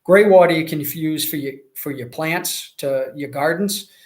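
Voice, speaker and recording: A man's voice: fairly high pitch, measured pace. An American man hosting a casual livestream, reading viewer comments and chatting in a rambling way with lots of fillers and restarts. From United States. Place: Mexico.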